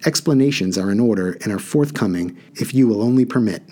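A man voicing a brisk, fussy male water genie who speaks in clipped, slangy stock phrases. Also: fairly low pitch, animated, mellow.

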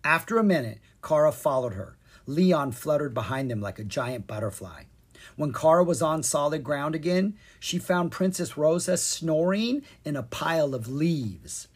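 A narrator reading a children's fairy-tale chapter book with expressive, animated storytelling. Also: mid-range voice, moderate pace, husky. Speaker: audiobook narrator.

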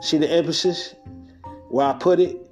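A man with a slightly high voice talks in a loose, street-talking monologue on spiritual matters. He laughs often and acts out quotes. Soft music runs under him. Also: normal speed. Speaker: podcast host.

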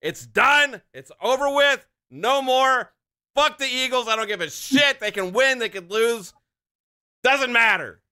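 A man's voice: very high-pitched, lively intonation, measured pace, pushed and bright, smooth. A man co-hosting a podcast, ranting with heavy profanity in casual chat. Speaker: podcast co-host.

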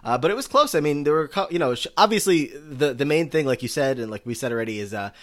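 A man's voice: fairly high pitch, animated, fast. A man co-hosting a podcast, recapping a game show in casual chat, rambling with lots of fillers and restarts. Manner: struggles over name pronunciations. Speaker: podcast co-host.

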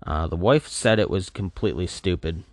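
A man's voice: low voice, moderate pace, dry recording, clean studio sound. A worn-out man rambling loosely through a casual solo podcast from his apartment, full of fillers. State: tired, worn out. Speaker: podcast host.

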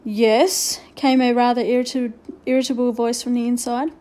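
Woman narrator, storybook reading, mellow tone, slightly high voice, expressive. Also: fairly quick. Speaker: audiobook reader.

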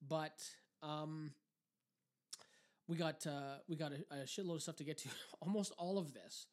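A man's voice: fairly high pitch, steady tone, measured pace. A man co-hosting a podcast in casual chat, profane and rambling, often laughing. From Canada. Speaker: podcast co-host.

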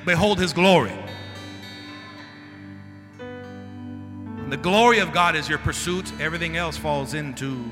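A male pastor preaching a sermon, moving from quiet talk to loud, fervent exhortation and dropping in Spanish phrases. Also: on the high side, measured pace, pauses often, long reverb tail, over music. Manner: slips Spanish phrases into English.

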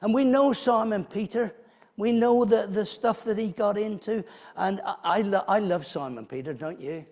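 A man's voice: high voice, normal speed, a little mellow. A man preaching a conversational sermon in church, asking the congregation rhetorical questions and often restarting his phrases.

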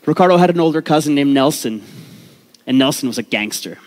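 A man's voice: a little high, expressive, fairly quick. Profane, joking man storyteller. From Canada, Vancouver. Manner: candid, profane, joking asides to the crowd. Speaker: speaker telling his life story. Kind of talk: comedic storytelling talk to a live audience.

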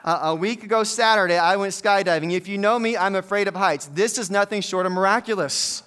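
Man, pastor, sermon, high voice, clear resonant tone, joking storyteller. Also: brisk, fairly bright tone. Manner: conversational, humorous storytelling preacher.

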